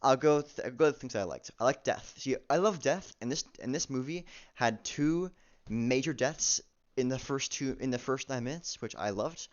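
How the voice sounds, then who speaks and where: A man rambles through a casual, profane amateur movie review, halting often and restarting his sentences. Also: medium pitch, expressive. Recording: dull lo-fi recording.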